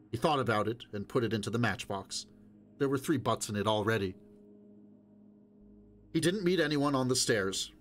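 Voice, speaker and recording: A man reading a novel aloud as audiobook narrator, in a steady, measured way. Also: mid-range voice, a little hiss or hum.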